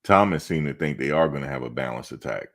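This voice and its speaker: A man's voice: a bass voice, animated, fast. A male host of a football fan show, chatting casually in a playful, joking, slangy way and repeating himself for emphasis.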